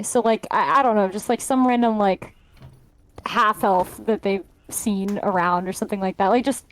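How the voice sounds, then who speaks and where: A woman's voice: mid-range voice, steady tone, moderate pace. A woman playing a tabletop game, rambling and hesitant as she explains her plans. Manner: rambling, hesitant, lots of fillers. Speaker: player. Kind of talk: casual chat at a game table.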